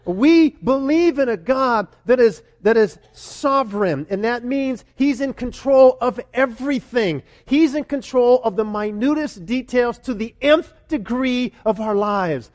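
A high-voiced male pastor preaching with animated, conversational energy. He drives home his points through emphatic repetition and questions to the congregation. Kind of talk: sermon.

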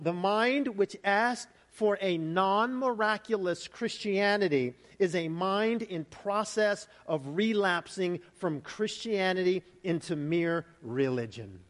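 A male pastor giving a sermon, shifting from scripture readings into a lively conversational story. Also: high voice. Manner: conversational storytelling, animated retellings. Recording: hall reverb.

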